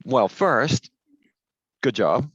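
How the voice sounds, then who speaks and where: A man's voice: medium pitch, expressive, very slow, breathy edge, dry recording, dull audio. A man teaching an online class over a headset, explaining step by step in a patient way and stressing the rules firmly.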